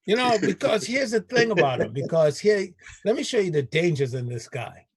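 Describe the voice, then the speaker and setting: A man hosting a casual radio talk show, emphatic and animated, often laughing. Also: sits high, moderate pace, breathy edge, no room sound, clean studio sound.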